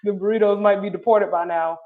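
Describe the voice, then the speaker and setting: A woman's voice: medium pitch, steady tone, fairly quick. A woman from North Carolina, hosting a livestream. She chats casually, answers viewer comments and laughs often. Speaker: livestream host reading chat. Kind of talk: casual opinion chat. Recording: dull lo-fi stream audio.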